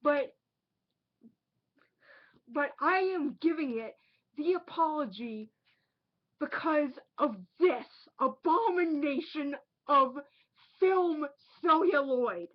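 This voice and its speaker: A woman's voice: high-pitched, lively intonation, slow, pauses often, muffled recording. A woman delivering an indignant, emphatic rant reviewing a film, repeating lines for effect. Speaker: online movie reviewer.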